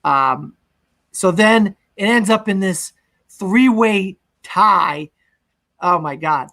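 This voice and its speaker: A slightly high-voiced young man talks loosely through a film's plot on a podcast. He rambles with fillers and throws in the odd shouted quote. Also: expressive, takes it slowly. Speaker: podcast co-host. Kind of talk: casual movie discussion.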